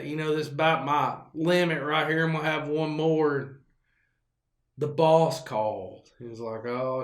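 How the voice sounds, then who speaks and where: A man spins a loose, folksy yarn as host of his own show. His voice sits quite high and wanders through fillers and false starts. The sound bounces around an echoey room. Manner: rambling, folksy, with many fillers and restarts. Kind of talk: casual storytelling monologue.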